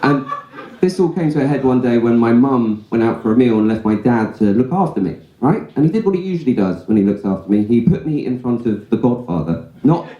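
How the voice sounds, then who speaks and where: A man's voice: medium pitch, lively intonation, brisk, lo-fi sound. Young man doing stand-up, roomy club. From England. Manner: conversational storytelling with frequent "right?" asides. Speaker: stand-up comedian. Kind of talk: stand-up comedy set. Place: comedy club stage before a laughing audience.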